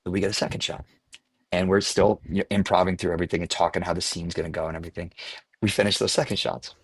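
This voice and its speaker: Husky-voiced man telling a lively anecdote. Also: low-pitched, fast talker, dry recording. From US Midwest. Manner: animated storyteller who laughs at his own tale. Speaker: actor guest. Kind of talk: casual anecdotal storytelling.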